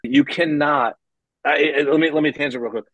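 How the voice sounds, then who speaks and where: A man telling stories from his business career in a casual podcast chat, acting out what people said with animated energy and frequent laughs. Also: on the high side, fairly quick, no echo, poor audio. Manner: animated, acts out quoted dialogue, frequent laughs.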